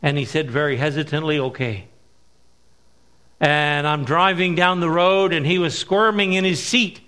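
A middle-aged man preaching at a missions conference, telling stories and stressing key words slowly. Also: fairly high pitch, fairly even intonation, pushed and bright, clear, resonant tone. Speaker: missionary speaker. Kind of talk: sermon with storytelling.

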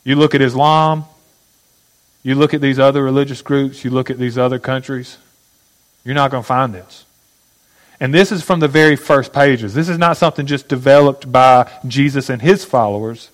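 A man's voice: medium pitch, normal speed, low-quality recording. A man preaching a sermon, teaching step by step and asking his listeners questions. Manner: teaching, asks the audience questions. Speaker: pastor.

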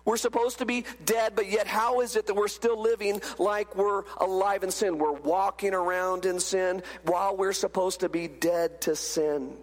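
High-pitched guy preaching, pushes his points hard with questions, big echoey hall sound. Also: fairly even intonation, moderate pace, few pauses. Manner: emphatic preaching, posing rhetorical questions. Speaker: pastor. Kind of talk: sermon.

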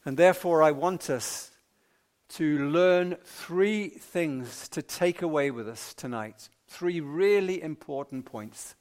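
A man preaching an evening sermon in a measured, emphatic way with long pauses. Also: fairly high pitch, darkish tone.

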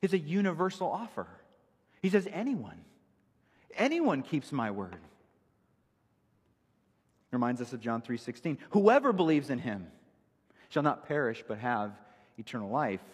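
Husky, lively preaching man. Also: mid-range voice, a little slow, long pauses, in a large hall. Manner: emphatic, teaching verse by verse. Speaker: pastor. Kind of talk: expository sermon.

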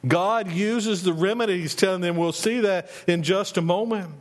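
A male pastor preaching a sermon, reading scripture slowly and then explaining it in a conversational way. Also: high-pitched.

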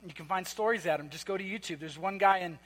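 A man preaching a sermon in a church hall, conversational and emphatic, with quick asides. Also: high-pitched, a bit bright. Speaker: pastor.

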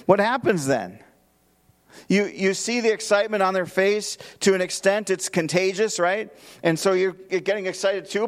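Pastor, male, slightly high voice, emphatic expository preaching with rhetorical questions. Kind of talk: expository sermon.

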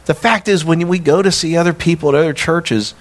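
A man preaching a sermon as a pastor, animated and emphatic, acting out quoted dialogue. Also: on the high side, a little fast.

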